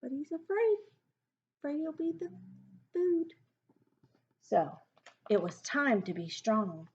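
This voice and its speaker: Slow, lively woman reading a picture book. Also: high voice, muffled recording. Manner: slow, sing-song rhyming delivery with chatty asides. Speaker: storybook reader.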